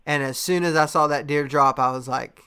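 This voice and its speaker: A man's voice: a little high, steady tone, normal speed, pushed and bright, clean tone. A young man in casual chat, a podcast host telling a story in a laid-back way, with lots of fillers and laughter.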